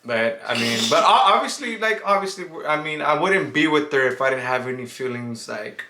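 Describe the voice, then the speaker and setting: A young man co-hosting a couple's Q&A in casual chat, rambling and repeating himself with halting restarts. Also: medium pitch, expressive, sharp tone. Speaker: co-host of couple Q&A. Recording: echoey room.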